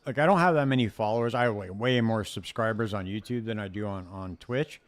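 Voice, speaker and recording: A man's voice: lowish voice, a little fast. A man streaming a game live and chatting casually, rambling and leaning on "dude" all the time. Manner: rambling, says "dude" constantly. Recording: steady background noise.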